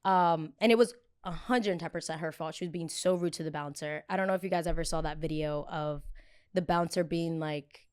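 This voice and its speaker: A woman in her twenties hosting a podcast, telling a story in a casual, animated way, acting out arguments and swearing freely. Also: low voice, fairly quick, smooth. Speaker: podcast host.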